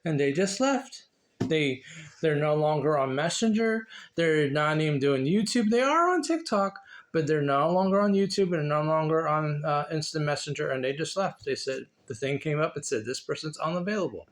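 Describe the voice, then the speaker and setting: A man's voice: on the high side, animated, moderate pace. A man vlogging casually and reading from a book, rambling and repeating words with many restarts. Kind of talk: casual chat and reading aloud.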